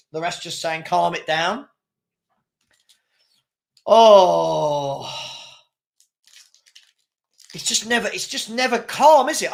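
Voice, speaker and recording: Exasperated high-voiced fan host. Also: male voice. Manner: exasperated, laughing, reading chat aloud. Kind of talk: live match watchalong commentary.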